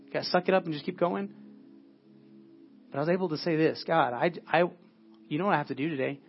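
A man preaching a sermon at a church service in an earnest way, often dropping to a hushed, prayerful tone. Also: a little high, highs cut off. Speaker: pastor.

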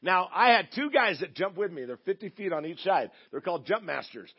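A man's voice: sits high, sing-song, a little fast, slightly rough, muffled recording. A man preaching a sermon as pastor, telling a story in a chatty, joking way with acted-out voices. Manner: chatty, jokey, acts out quoted voices.

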